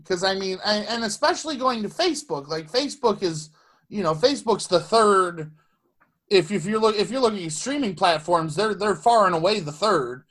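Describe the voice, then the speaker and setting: A man's voice: high-pitched, lively intonation, normal speed, a bit bright. A man co-hosting a podcast, chatting casually with a loose, rambling delivery, lots of swearing and restarts. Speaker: podcast co-host. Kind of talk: casual chat.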